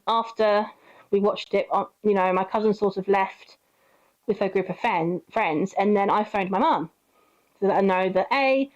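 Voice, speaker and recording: A young woman telling a long personal story in a rambling, casual way, acting out the quotes. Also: mid-range voice. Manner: rambling, with many fillers and acted quotes. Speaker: vlogger. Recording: dull lo-fi recording.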